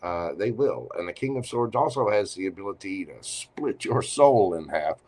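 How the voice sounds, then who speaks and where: Chatty low-voiced tarot reader, a man. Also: moderate pace. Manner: chatty, expressive, speaks straight to the listener. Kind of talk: live tarot reading.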